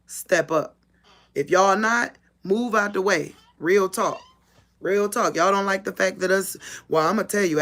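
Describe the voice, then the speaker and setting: A woman's voice: on the low side, vocal fry, a bit bright. A woman preaching in an informal monologue, emphatic and repetitive, speaking straight to her listeners. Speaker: spiritual teacher.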